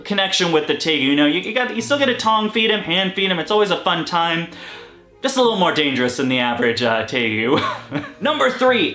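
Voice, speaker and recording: Excitable man vlogging in an echoey room. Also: high-pitched. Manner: excitable and joking, yelps in pain when bitten. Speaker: reptile keeper and channel host. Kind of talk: casual demonstration vlog. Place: reptile room at home. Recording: echoey room with faint music.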